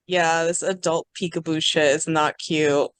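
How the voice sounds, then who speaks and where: A woman's voice: deep voice, clear, resonant tone, dry recording. A woman co-hosting a casual podcast, teasing with dry humor and reading a story aloud. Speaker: podcast co-host, story reader.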